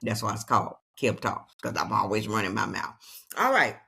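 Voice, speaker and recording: A woman's voice: extremely low pitch, very animated, moderate pace, creaky, sharp tone, breathy edge. A woman with a Southeast Texas accent, talking casually and unscripted to her viewers in a chatty, folksy way. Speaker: vlogger.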